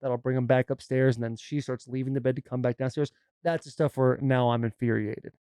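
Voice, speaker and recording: A man in his thirties, a podcast co-host, chatting casually and telling animated stories with acted-out quotes. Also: mid-range voice, brisk, smooth, no echo, studio quality. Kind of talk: casual chat.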